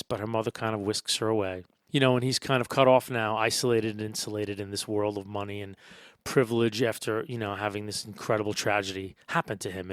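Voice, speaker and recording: A man's voice: medium pitch, fairly bright tone, dry recording. Enthusiastic man reviewing a film, dry close sound. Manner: enthusiastic, recounting scenes with frequent fillers. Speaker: podcast host. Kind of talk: casual film review monologue.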